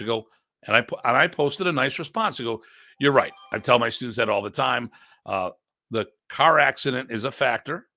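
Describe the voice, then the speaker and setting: Middle-aged man, podcast host, gravelly voice, dry close sound, animated storytelling, blunt humor. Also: brisk, dry recording. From United States. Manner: animated, acts out quoted exchanges with pitch jumps; rambling with restarts, blunt and joking. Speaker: podcast host and martial arts instructor. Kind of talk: casual storytelling chat.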